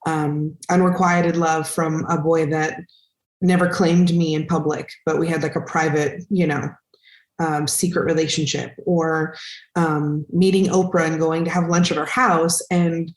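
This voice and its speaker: A woman in her forties chats as a podcast guest, her slightly low voice carrying emotion as she acts out what people said. The sound is roomy, with a clear echo around her. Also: measured pace. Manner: emotional, animated storytelling with acted-out quotes. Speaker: podcast guest, actress and singer. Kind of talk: casual interview talk.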